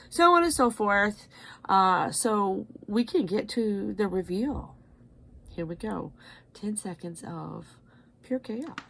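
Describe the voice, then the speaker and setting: A woman chatting her way through a tie dye session with lots of fillers. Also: fairly low pitch. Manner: chatty, rambling, many fillers. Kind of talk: casual craft demo. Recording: faint background noise.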